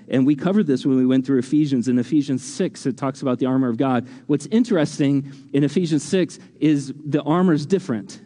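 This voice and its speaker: A man pastor gives a casual, chatty sermon with a mellow, darker tone, stumbling over restarts and fillers as he thinks aloud. His voice carries a long reverb, as if filling a large hall. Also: a little fast, few pauses. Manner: conversational, many fillers and restarts; rises in pitch acting out imagined voices. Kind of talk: sermon teaching.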